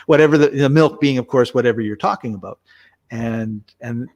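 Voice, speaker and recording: A man's voice: mid-range voice, moderate pace, darkish tone, muffled recording. A man chatting casually as co-host, telling a rambling story with lots of restarts. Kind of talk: casual conversational chat.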